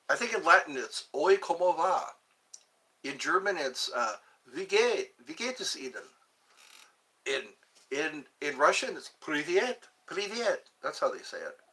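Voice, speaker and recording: A young man rambling excitedly on a live stream, chatting with viewers and reading out comments. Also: fairly high pitch, slow, slightly rough. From United States. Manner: rambling, excitable, breaks into sung bits. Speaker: livestream host.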